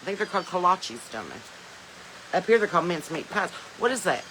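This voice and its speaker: Chatty Southern woman with a bright voice. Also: fairly low pitch, sing-song, moderate pace, slight background noise, rough recording. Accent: Southern American. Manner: chatty, joking, laughs often, drawling asides. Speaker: podcast host. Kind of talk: casual livestream chat reading viewer comments. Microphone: phone.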